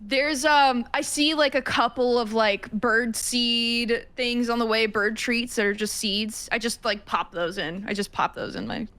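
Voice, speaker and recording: A woman's voice: on the high side, steady tone, measured pace, few pauses, fairly bright tone. A woman playing a tabletop game casually, laid-back and giggly, hesitating with fillers. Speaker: player.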